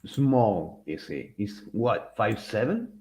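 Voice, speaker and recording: A man co-hosting a podcast, chatting casually in an animated, rambling way, often restarting his sentences and laughing. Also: fairly low pitch, slow, a little hiss or hum. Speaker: podcast co-host. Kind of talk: casual chat.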